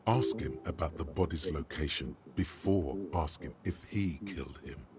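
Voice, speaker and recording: A man voicing the wry, grandiose second-person narrator of a detective game, deep and gravelly. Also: moderate pace, a loud crowd. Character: omniscient inner voice of a detective, male, ironic. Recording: game audio with noticeable background noise.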